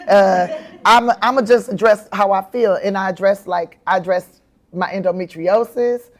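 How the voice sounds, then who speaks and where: Animated woman telling stories with laughter. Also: mid-range voice, normal speed. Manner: animated, acts out her own quotes with bursts of laughter. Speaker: comedian and actress, interview guest. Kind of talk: candid storytelling in an interview.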